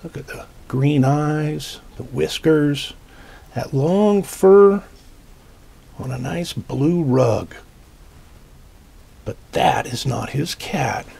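A man reading a picture book aloud to children, gently explaining the pictures as he goes. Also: a little high, lively intonation, extremely slow, creaky, long pauses, breathy edge. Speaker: storytime reader.

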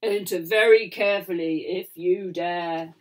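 A woman voicing a gruff, slow-talking cave giant in a picture-book reading. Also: fairly even intonation, lightly acted. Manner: slow, booming, drawn out. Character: big gruff cave giant, grudgingly friendly.

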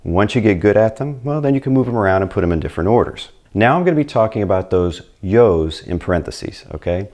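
A man's voice: lowish voice, expressive, fast talker, hardly any pauses, darkish tone. A man whose first language is English, teaching beginners in an upbeat video lesson and speaking straight to the learner. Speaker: Spanish teacher.

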